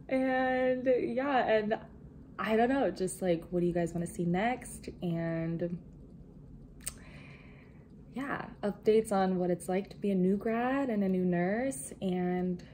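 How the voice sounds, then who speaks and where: A young woman and new nursing graduate talking to her viewers in a casual vlog, chatty and excited, with many fillers and some nervous laughter. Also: lowish voice, a little hiss or hum. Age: young adult.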